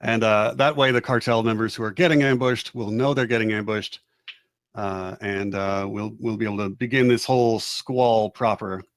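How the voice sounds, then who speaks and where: A man playing a tabletop game, who talks through his character's moves in a relaxed way. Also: fairly low pitch, normal speed, no room sound, studio quality. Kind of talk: casual tabletop game talk.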